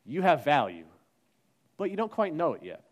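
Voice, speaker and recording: A man preaching a sermon, acting out the voices he quotes and swinging between hushed and loud. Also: a little high, sing-song, moderate pace. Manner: dramatic, acts out quoted voices, shifts from soft to loud. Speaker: pastor.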